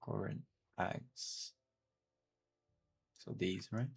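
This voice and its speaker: A man whose first language is Portuguese, chatting casually and haltingly while streaming a game and thinking aloud. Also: fairly low pitch, creaky, a little hiss or hum. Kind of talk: casual gameplay stream chat.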